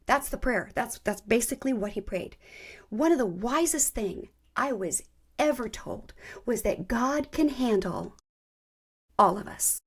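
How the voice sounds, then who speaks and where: Woman podcast host, a little high-pitched, gives a candid and earnest personal faith testimony. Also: lively intonation, a little slow, a little mellow, slightly rough. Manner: candid, earnest storyteller who laughs at herself.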